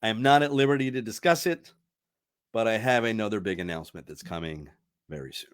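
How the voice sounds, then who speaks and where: A man's voice: on the low side, a little fast, smooth. A middle-aged man hosting a casual podcast, chatty and rambling, laughing often and restarting his sentences. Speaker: radio host.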